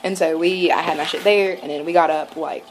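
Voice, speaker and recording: A woman's voice: lowish voice, fairly even intonation, fairly quick, a little hiss or hum, poor audio. A woman, telling a rambling story to camera at home with lots of fillers. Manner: rambling and chatty, with many fillers and restarts. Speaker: vlogger.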